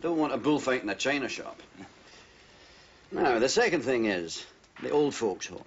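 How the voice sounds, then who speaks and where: Brisk, dismissive shady boss. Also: male voice, medium pitch, sing-song, slight background noise. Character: shady businessman boss giving orders. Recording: dull lo-fi TV audio.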